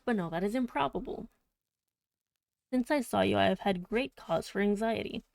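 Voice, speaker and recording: A woman reading out a letter from an anxious gentleman, now and then stumbling over words. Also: mid-range voice, moderate pace, gravelly, no room sound, close to an everyday voice. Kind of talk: audiobook reading.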